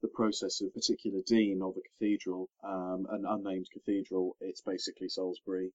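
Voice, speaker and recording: A man on a book podcast, speaking in a thoughtful, measured way with many pauses and ums. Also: low-pitched, little pitch movement, a little mellow. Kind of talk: casual podcast chat. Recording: slightly dull lo-fi recording.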